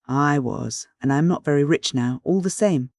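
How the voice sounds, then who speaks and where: A reader speaking as a plump, shrewd elderly widow from a classic mystery audiobook. She gushes fond endearments while talking plain business. The recording is dry and close, with a mid-pitched voice. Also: darkish tone, no room sound, close to an everyday voice. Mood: chatty. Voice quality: gushing endearments, brisk and matter-of-fact. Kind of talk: audiobook dialogue reading.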